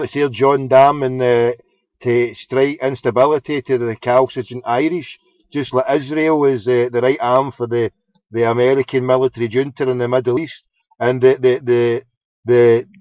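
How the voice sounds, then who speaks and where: A man's voice: medium pitch, a little mellow, dry recording. A man chatting casually, rambling and swearing, with many restarts. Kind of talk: casual chat. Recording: dull lo-fi sound.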